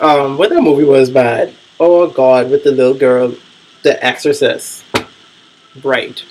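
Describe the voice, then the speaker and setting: Gravelly man with blunt gossip. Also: medium pitch, slight background noise, rough recording. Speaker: vlogger. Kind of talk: casual reality-TV commentary vlog.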